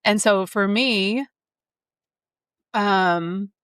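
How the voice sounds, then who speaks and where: A woman's voice: medium pitch, extremely slow, fairly bright tone, clear, resonant tone, no room sound. A woman in her thirties hosting an astrology reading, talking in an enthusiastic, flowing way with spiritual wording. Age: 30s. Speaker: astrologer and podcast host. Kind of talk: casual spiritual conversation.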